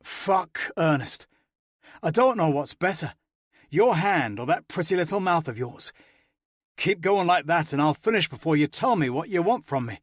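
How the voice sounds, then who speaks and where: A man voicing a confident, commanding adult male lover in an audiobook, with slow, teasing delivery. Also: fairly high pitch, expressive, dry recording, clean studio sound. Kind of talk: audiobook character voice.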